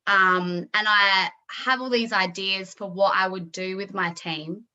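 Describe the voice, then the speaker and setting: A woman in her thirties sharing emotionally on a group video call, halting with many ums and close to tears. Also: medium pitch, fairly even intonation, pushed and bright, muffled recording.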